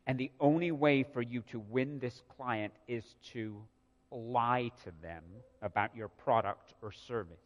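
A man's voice: mid-range voice, unhurried, dull audio. A man preaching a sermon, earnest and prone to repeating words as he builds a point. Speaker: pastor. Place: church sanctuary. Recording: long reverb of a church hall.

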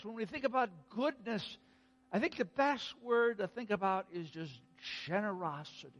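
A man preaching a sermon, slow and emphatic, dropping to a hush and then rising to exclaim. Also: high voice. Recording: long hall reverb.

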